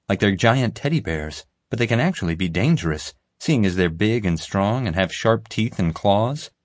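A man narrating a children's mystery story in an even, storytelling way. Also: sits low, dry recording, clean studio sound. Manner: steady storytelling. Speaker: audiobook narrator. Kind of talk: scripted narration.

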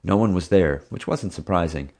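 A man with a very low voice reads a first-person story aloud. He tells it in a steady, plain way, like an audiobook narrator. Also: normal speed.

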